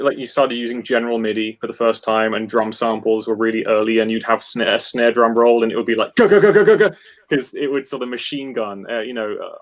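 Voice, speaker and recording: A man talking casually on a live video call, explaining guitar arranging in animated, rambling sentences full of restarts. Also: fairly low pitch. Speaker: guest guitarist. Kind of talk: casual technical chat.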